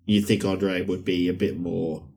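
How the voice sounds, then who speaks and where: A man's voice: sits low, steady tone, measured pace, dark tone, breathy edge. A man co-hosting a podcast, talking casually with a hesitant, mildly cynical manner. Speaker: podcast co-host. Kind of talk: casual chat.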